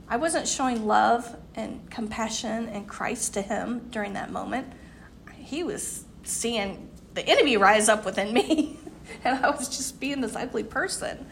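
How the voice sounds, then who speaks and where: Her voice a little high and gravelly, a woman in her fifties speaks earnestly to a women's group in a devotional talk. She laughs frequently, though she's losing her voice and it drops quiet at the ends. There's slight background noise.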